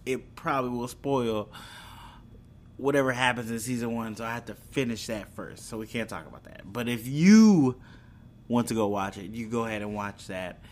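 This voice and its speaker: A man's voice: medium pitch, normal speed, a little mellow. A young man hosting a video, chatting casually about upcoming shows, rambling with fillers and restarts. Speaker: video host. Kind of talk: casual entertainment news chat.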